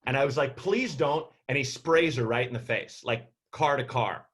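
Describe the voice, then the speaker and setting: A man tells a story over a video call. He rambles and circles back with plenty of fillers. His voice sits at an ordinary pitch and the delivery is animated. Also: a little fast. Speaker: comedian guest.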